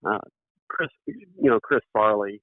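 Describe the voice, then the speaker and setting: A man's voice: fairly low pitch, animated, a little slow, no room sound. A male caller chatting casually with the host over the phone, an easygoing, enthusiastic fan. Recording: tinny phone line.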